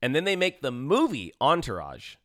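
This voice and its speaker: Guy in his 20s on a podcast, swears a lot, punchy and blunt, average pitch. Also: huge pitch swings, moderate pace, pushed and bright. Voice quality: profane, emphatic storyteller. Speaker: podcast co-host. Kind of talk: casual chat.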